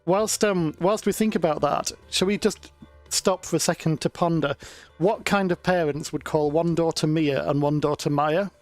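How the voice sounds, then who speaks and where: Playful man, slightly high voice. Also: fairly even intonation, moderate pace, a little mellow, no echo, faint music behind. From East Yorkshire, England. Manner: playful, jokey asides. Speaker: co-host streamer. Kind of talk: casual stream chat. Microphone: online voice call.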